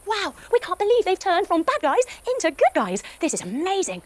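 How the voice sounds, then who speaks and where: A woman narrating an animated yoga adventure for children, with gasps, sound effects and pose instructions. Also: very high-pitched, a little fast. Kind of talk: kids yoga story narration.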